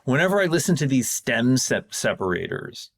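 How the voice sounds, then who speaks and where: A man's voice: moderate pace, gravelly. A man on a podcast as a guest sound designer, casually explaining technical ideas in a rambling, self-correcting way. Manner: rambling, self-correcting, jumps in pitch when excited.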